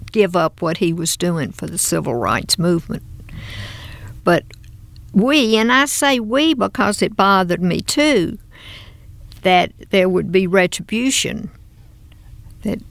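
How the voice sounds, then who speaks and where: Older Southern woman with a gravelly voice. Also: lowish voice, dry recording. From American South. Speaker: interview guest. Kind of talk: reminiscing in conversation.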